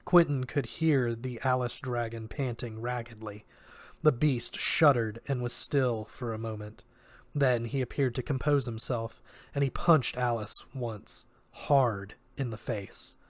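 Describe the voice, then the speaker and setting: A man of middle pitch reads a fantasy novel aloud at home, narrating steadily and now and then going back to fix a word. His voice is picked up close, with a dry, dead sound and no room around it. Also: no room sound. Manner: steady narration with occasional self-corrections. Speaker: reader of a novel.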